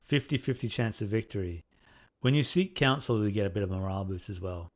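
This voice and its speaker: A man casually talking through a playthrough of the game he is developing, relaxed and rambling with lots of fillers. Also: fairly low pitch, fairly quick. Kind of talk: casual gameplay devlog commentary.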